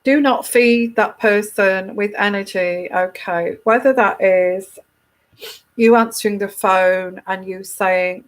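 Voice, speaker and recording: Slow-talking, emphatic woman giving advice. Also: medium pitch, fairly even intonation. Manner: emphatic, repeats herself, frequent restarts. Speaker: tarot reader. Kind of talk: casual advice to a viewer.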